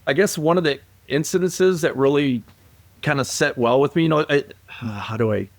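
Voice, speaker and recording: A man's voice: fairly high pitch, moderate pace, no echo. A man who is a police aviation guest, telling stories in a rambling way with restarts and acted-out quotes. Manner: rambling, repeats and restarts, acts out quoted calls. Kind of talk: casual storytelling interview.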